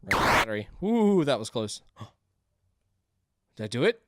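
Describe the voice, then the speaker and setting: A man playing indie games and thinking aloud, chatty and quick to get excited. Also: mid-range voice, heavy background noise. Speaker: gaming YouTuber. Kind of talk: let's play commentary.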